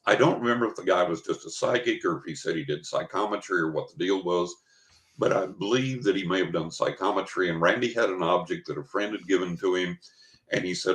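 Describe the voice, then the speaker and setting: A man's voice: deep voice, fairly quick, a bit bright. An older man, a psychic guest in an interview, telling an anecdote casually and acting out the quoted dialogue. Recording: roomy echo.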